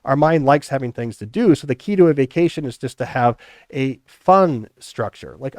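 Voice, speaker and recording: A man's voice: medium pitch, lively intonation, normal speed, darkish tone, no echo, studio quality. A middle-aged man hosting a podcast in a casual, reflective chat, thinking aloud. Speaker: podcast host.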